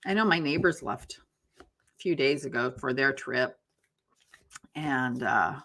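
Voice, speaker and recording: A woman's voice: low-pitched, lively intonation, unhurried, pushed and bright. A woman hosting a tarot live stream from her home office, chatting loosely with viewers, addressing them by name and yawning now and then. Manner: chatty, rambling, talks to viewers by name, yawns often. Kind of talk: casual chat on a live stream.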